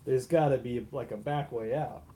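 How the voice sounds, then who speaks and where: A man's voice: medium pitch, moderate pace, mellow, slight background noise, low-quality recording. A man playing a tabletop game, talking casually, hesitant and chuckling. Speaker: player.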